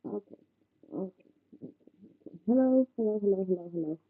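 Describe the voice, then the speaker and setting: A woman's voice: medium pitch, sing-song, normal speed, pauses often, slightly rough, dry recording. A woman streaming, sick and congested, rambling and swearing as she fumbles with her setup. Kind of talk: casual livestream chat. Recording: muffled phone-like mic.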